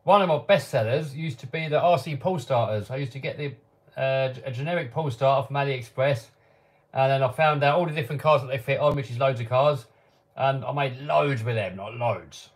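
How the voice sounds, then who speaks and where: A man's voice: medium pitch, a little fast. A man hosting a casual live-stream Q&A from his home workshop, reading out viewer questions and answering offhand with the odd chuckle. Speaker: channel host answering live chat.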